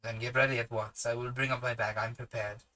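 A man voicing a grave, commanding elderly professor in a hushed, measured tone. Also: medium pitch, flat delivery, lightly acted, poor audio. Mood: urgent.

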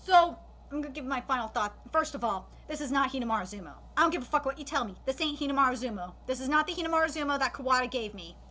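A woman with a high, bright voice delivers a live reaction critique. She talks emphatically and swears freely. Her sentences break off and restart as she works through her frustration. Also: lively intonation, a little hiss or hum. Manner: frequent swearing, halting restarts; exasperated and emphatic. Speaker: anime reaction host.

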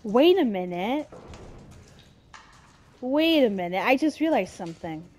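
A woman's voice: fairly high pitch, sing-song, unhurried, a little mellow. Profane, jumpy woman gamer. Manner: swearing, dramatic, easily scared. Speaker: let's play gamer. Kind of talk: horror game commentary.

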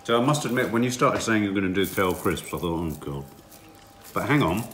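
A man's voice: on the low side, lively intonation, racing, a bit bright, reverberant, slight background noise. An English man bantering with dry sarcasm in a home kitchen. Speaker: husband on a family vlog. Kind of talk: casual banter.

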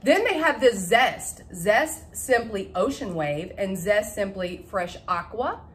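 A young woman chatting casually to camera about her shopping haul, excitable and laughing at her own slips. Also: medium pitch, slow pace. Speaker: vlogger showing a shopping haul. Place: at home.

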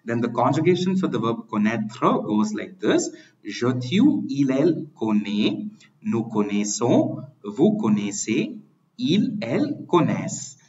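A man's voice: mid-range voice, wildly swooping pitch, measured pace, a little mellow, muffled recording. A man teaching French grammar in English, explaining patiently and spelling out words letter by letter. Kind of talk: grammar lesson.

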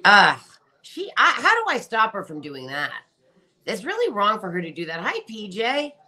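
A woman hosting a casual livestream, chatting warmly and reading viewer comments aloud with frequent laughter. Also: mid-range voice, wildly swooping pitch, moderate pace. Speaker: livestream host.

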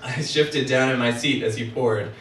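A man reading his own novel aloud at a book party, with measured first-person narration. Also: mid-range voice, fairly even intonation, a bit bright, distant mic, slight background noise. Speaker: author. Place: event room for a book party. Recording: echoey room, heard from afar.

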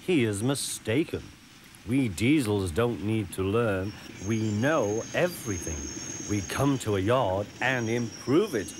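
A man's voice: fairly low pitch, lively intonation, slow pace, background noise. A man voicing a boastful, scheming male diesel engine in a children's cartoon, arrogant and sly.

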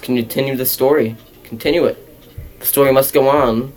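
A young man giving casual, excitable gameplay commentary, laughing and mocking his own play. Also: medium pitch, moderate pace, soft background music. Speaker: let's play gamer.

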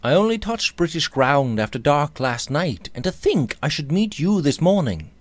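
A man voicing an impetuous bearded young man who talks in an excited, breathless and eager way. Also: mid-range voice, moderate pace, dry recording, pitched above the performer's own voice, natural voice. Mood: astonished.

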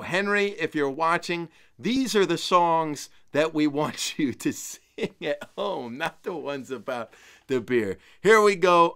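Streaming casually from home each week, a man who leads a polka band talks in a smooth voice, keeping things upbeat and playful with abrupt jumps in pitch and volume.

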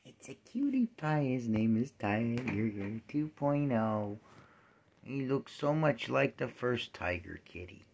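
A man filming his pet at home, cooing doting sing-song baby talk with soft asides, recorded on a handheld phone. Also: mid-range voice, slow, creaky, slight background noise. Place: at home, near a bed.

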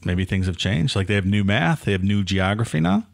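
A man's voice: fairly low pitch, expressive, a little fast, vocal fry. A man co-hosting a podcast, teasing sarcastically in casual banter. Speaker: podcast co-host.

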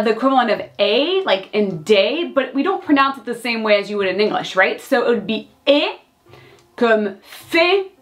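A woman's voice: high-pitched, a bit bright. A woman whose first language is French, giving a chatty video lesson and explaining with examples. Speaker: French teacher.

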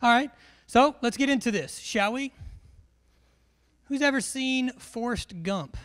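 A man, an instructor giving a humorous, animated briefing to a large class and quizzing the crowd. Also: very high voice, measured pace. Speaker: military education instructor.

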